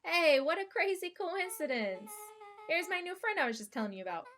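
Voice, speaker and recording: A woman's voice: very high-pitched, expressive, fairly bright tone, a little hiss or hum, voice pushed up. A woman playing a bossy, scheming girl. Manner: brisk, bossy, conspiratorial. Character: pushy scheming twelve-year-old girl.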